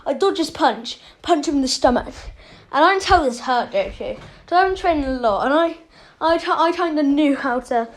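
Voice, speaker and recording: A woman casually telling a made-up story as a channel host, rambling and correcting herself often. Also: high voice. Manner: rambling, with many fillers and self-corrections.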